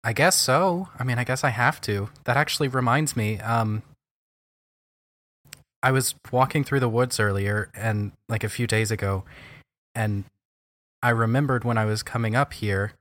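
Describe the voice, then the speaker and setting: A man playing a tabletop game, speaking in a hesitant, halting way. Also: mid-range voice, fairly bright tone, no echo, clean studio sound. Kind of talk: casual in-character play.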